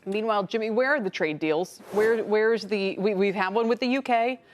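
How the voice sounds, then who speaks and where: A woman's voice: medium pitch, normal speed, slight background noise. A woman anchoring a live TV news show, asking questions conversationally with occasional restarts. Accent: American.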